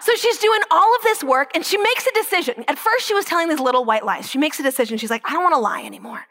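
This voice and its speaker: Over a little hiss or hum, a high-voiced Catholic speaker gives an inspiring talk, relating her stories with vivid energy. She whispers softly for emphasis and slows way down on the words that matter most.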